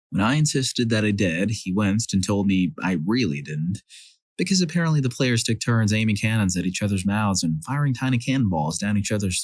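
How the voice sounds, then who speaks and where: Working from a script, a man with a fairly low voice tells a run of stories sent in by readers, livening up on the quoted lines. The recording is dry.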